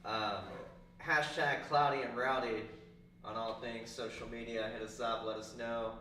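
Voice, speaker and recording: Bright-voiced laid-back co-host, man. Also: mid-range voice, level tone, measured pace, far from the mic, a little hiss or hum. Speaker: podcast co-host. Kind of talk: casual chat. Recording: roomy echo, mic set back.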